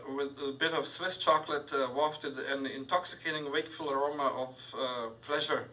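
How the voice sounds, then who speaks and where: A man reading his own fiction aloud to a live audience, halting on fillers and adding asides. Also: on the high side, sharp tone, distant mic, poor audio. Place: university reading hall with audience.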